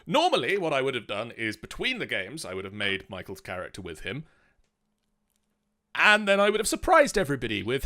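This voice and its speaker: A man hosting a tabletop game stream, chatting in an animated, self-mocking way at his desk mic. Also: medium pitch, a little fast, dry recording, clean studio sound. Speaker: host and dungeon master. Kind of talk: casual stream chat.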